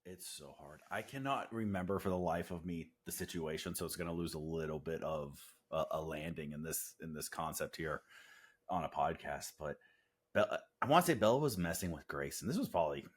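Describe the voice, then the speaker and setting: Low-voiced dad host, animated. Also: male voice, brisk, breathy edge. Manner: animated, self-deprecating storytelling. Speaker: podcast co-host. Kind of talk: casual chat.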